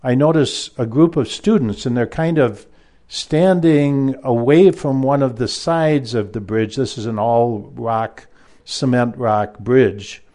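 A man's voice: medium pitch, warm tone. A man who used to teach university math, telling a personal story in a rambling way, with many fillers and restarts. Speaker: former university math lecturer.

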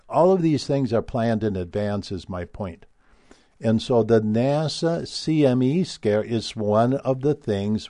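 A man with a low, dark, mellow voice holds forth in a rambling, opinionated monologue, often stalling on fillers and restarting his sentences. The sound is dry and close, with no room echo. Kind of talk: casual monologue.

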